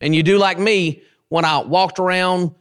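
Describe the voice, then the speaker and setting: A man preaching a sermon, with animated delivery and drawn-out, emphatic repetitions. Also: high voice, clear, resonant tone. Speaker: pastor and station head.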